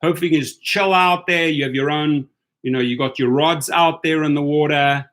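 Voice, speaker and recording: A man's voice: fairly high pitch, fairly quick, fairly bright tone. A man hosting a casual live stream for drivers, upbeat and chatty, greeting viewers by name.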